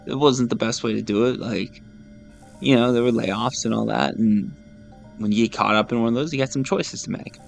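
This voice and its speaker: A man's voice: mid-range voice, normal speed, gravelly, faint music behind. A man in his thirties hosting a gaming channel, chatting casually over gameplay in a rambling, self-deprecating way and often repeating his words. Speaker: gaming YouTuber host.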